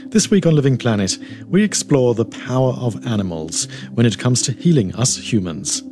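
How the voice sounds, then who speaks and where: A man presenting and narrating a radio documentary from a script, in a measured, clear way. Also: mid-range voice, animated, mellow, faint music behind.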